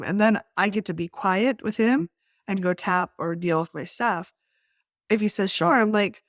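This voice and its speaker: A woman's voice: mid-range voice, moderate pace, no room sound, studio quality. A middle-aged woman co-hosting a skills workshop, explaining ideas in casual talk and acting out quoted voices with many restarts. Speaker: workshop co-host.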